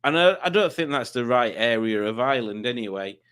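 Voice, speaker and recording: A man's voice: medium pitch, lively intonation, fairly quick, a bit bright, clear, resonant tone. A man hosting a quiz livestream, chatting casually and reading viewer comments aloud with rambling, self-mocking asides. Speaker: quiz host.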